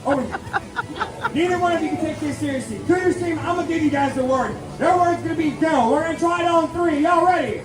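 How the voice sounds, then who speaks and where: A man's voice: very high voice, fairly quick, over music. A man hosting a live comedy show at an animal park, rousing the crowd and playing the exasperated straight man over a PA. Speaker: show host. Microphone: handheld PA mic recorded from the audience. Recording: echoey PA from far off with loud crowd and noise.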